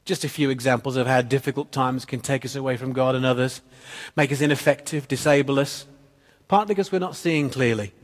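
A man preaching a sermon. He tells stories and drops quietly at the ends of phrases. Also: medium pitch, steady tone, a little fast. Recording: long reverb of a church hall.

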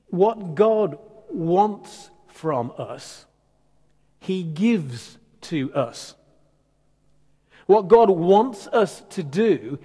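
A man preaching a sermon as pastor, emphatic and animated with conversational asides. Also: sits high, slightly rough. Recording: long church hall reverb.

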